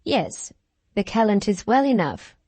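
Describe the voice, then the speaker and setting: A woman with a mellow, sing-song, unhurried mid-range voice reads the lines of a genial older Scots father who fondly and indulgently teases his daughter. There's no room sound.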